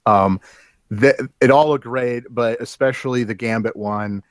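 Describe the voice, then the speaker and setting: A man co-hosting a casual chat show, rambling and halting with many fillers and restarts. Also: medium pitch, steady tone, no echo. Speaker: co-host.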